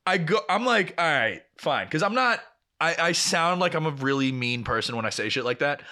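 In a slightly high, pushed, bright voice and at a slightly fast clip, a young co-host spins a long, profane podcast story. The chat is casual and rambling, and he acts out each bit of quoted dialogue along the way.

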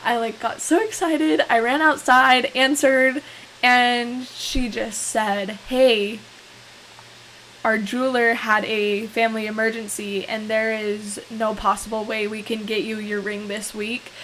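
A young woman in her twenties casually telling a story as podcast co-host, laughing often and animated. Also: on the high side, unhurried, rough recording. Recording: faint hiss.

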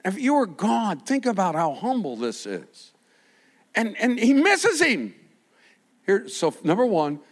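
An older male pastor delivers a sermon in a high, lively voice that jumps all over. He tells stories animatedly and acts out the voices of the people in them. He often stumbles and restarts his sentences. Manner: animated storytelling, acting out voices, frequent restarts.

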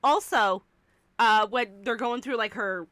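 A woman's voice: fairly high pitch, unhurried, a bit bright, no room sound. A Canadian woman co-hosting a podcast, chatting casually and giggling between points. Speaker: podcast co-host. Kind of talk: casual chat.

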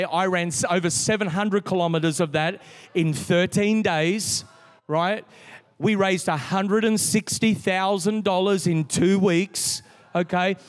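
A middle-aged man preaching a sermon as a pastor, telling a story with lively restarts. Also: high-pitched, smooth. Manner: storytelling, animated, with frequent restarts. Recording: long reverb of a large hall.

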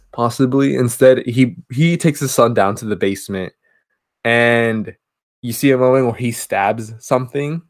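Male podcast co-host, mid pitch, dead dry sound, loose rambling plot recap. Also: no room sound. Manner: rambling retelling with quick acted quotes. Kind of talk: casual movie recap chat.

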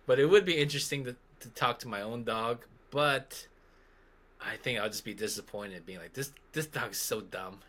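A man's voice: medium pitch, normal speed, fairly bright tone. A man, a guest on a podcast, chatting casually in a rambling, joking way and thinking aloud. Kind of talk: casual conversation.

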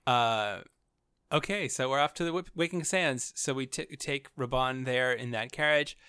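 A young man co-hosting a casual game recap chat, animated and joking with frequent laughs. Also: medium pitch, moderate pace, clear, resonant tone, no room sound, studio quality. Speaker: podcast co-host.

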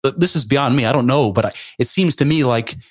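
An American man with a General American accent, a podcast guest talking casually and searching for words with many pauses. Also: mid-range voice, animated, no room sound. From United States. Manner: hesitant, many ums and restarts, searching for words. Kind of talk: casual conversation.

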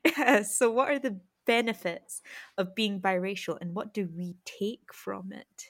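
A woman hosting a casual podcast interview, friendly and quick, laughing often. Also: mid-range voice. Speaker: podcast host.

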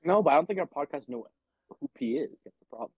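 A man's voice: on the high side, lively intonation, fast talker, husky, dry recording. A young man co-hosting a podcast in casual chat, teasing and prodding his friends with questions. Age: young adult. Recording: phone-like narrow sound.

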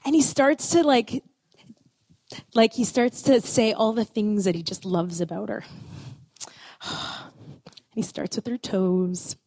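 A woman telling a love story to an audience, animated and playful, often dropping into asides. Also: medium pitch, takes it slowly, long pauses, no room sound. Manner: animated, expressive, playful, with many "like" fillers. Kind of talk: storytelling talk.

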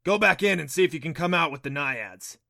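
A man's voice: fairly high pitch, animated, fairly quick, creaky, pushed and bright, no echo, clean studio sound, pitched above the performer's own voice, exaggerated voice. A man voicing a fierce, bossy teenage girl who talks with urgent indignation.

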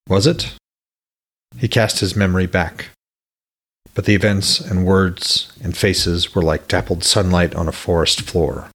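A man reading his own fantasy novel aloud as podcast host, with steady storytelling. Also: low voice, a little slow, husky.

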